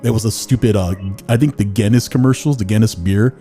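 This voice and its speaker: A man's voice: fairly low pitch, a little fast, warm tone, faint music behind. A man hosting a podcast in casual chat, rambling and laughing at himself. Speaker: podcast host.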